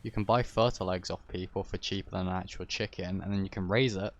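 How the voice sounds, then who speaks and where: A man's voice: deep voice, steady tone, fast, a little hiss or hum. A man streaming a game live, chatting casually with friends, teasing and swearing offhandedly.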